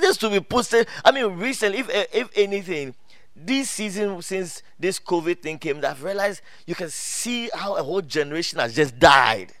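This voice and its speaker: A middle-aged man preaching a sermon in a high voice, recorded dry with little room sound. He calls out to the congregation, laughs often and repeats himself as he builds his points. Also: normal speed, no room sound. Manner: animated preaching with call-outs to the congregation; laughs often, many restarts and fillers. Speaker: pastor.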